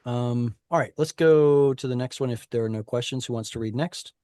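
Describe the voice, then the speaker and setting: A man's voice: mid-range voice, moderate pace, dark tone, no echo. Man, online teacher, casual explaining, dry sound, many fillers. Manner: explanatory, informal, lots of fillers and restarts. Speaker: Hebrew teacher. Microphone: video call.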